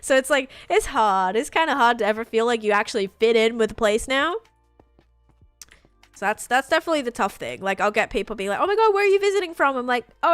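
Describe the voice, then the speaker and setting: A woman's voice: mid-range voice, fairly bright tone, dry recording. A young woman with an Australian accent that is drifting toward American, chatting casually and rambling while she streams a game. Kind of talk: casual live-stream chat.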